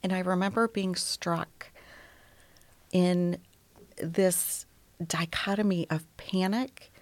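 A middle-aged woman telling her personal story as an interview guest, softly, often dropping to a near whisper. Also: fairly low pitch, fairly even intonation, takes it slowly, dry recording.

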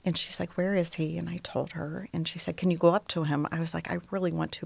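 Woman, interview guest, low, gravelly, soft near-whisper delivery. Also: flat delivery, fast, few pauses, no echo. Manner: soft-spoken, often dropping to a near whisper. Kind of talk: personal story in an interview.

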